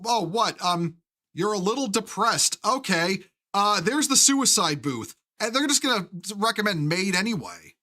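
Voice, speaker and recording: With a high-pitched, bright, forceful voice, an American man rants on his live stream, heated and heavily profane, with halting restarts throughout.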